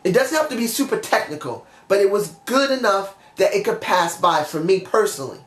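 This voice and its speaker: A man's voice: sits high, expressive, brisk, fairly bright tone, reverberant. A man giving a casual, opinionated review monologue, chatty and often correcting himself mid-sentence. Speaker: wrestling show reviewer.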